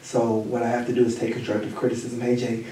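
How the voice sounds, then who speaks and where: A man's voice: mid-range voice, completely flat delivery, quick pace, warm tone, slight background noise. A man who is a guest on a podcast in casual chat, earnest and preachy, repeating his points. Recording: very echoey room, far from mic.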